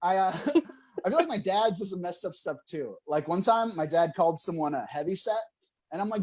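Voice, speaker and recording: A man's voice: sits high, expressive, normal speed, a little mellow, breathy edge. A young man doing a stand-up comedy set, talking to the crowd and laughing between jokes.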